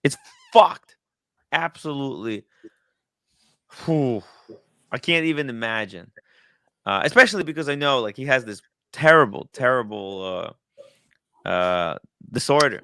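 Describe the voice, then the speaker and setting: A man's voice: medium pitch, animated, measured pace, gravelly, pauses often, bright, forceful tone, clear, resonant tone, no room sound. A man hosting a casual livestream chat about watches, rambling with many fillers and restarts. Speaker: watch podcast host. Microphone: studio mic.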